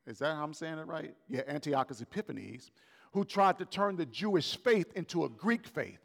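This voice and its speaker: A man preaching a sermon as pastor, swinging between loud raised lines and soft, slow emphatic words. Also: on the high side, lively intonation, vocal fry, long reverb tail. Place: church hall.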